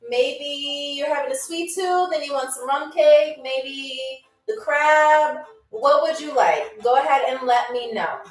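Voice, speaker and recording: A woman's voice: sits high, a little slow, hardly any pauses, echoey room, distant mic, rough recording. A woman hosting a live-stream game show, playful and chatty, talking straight to her viewers.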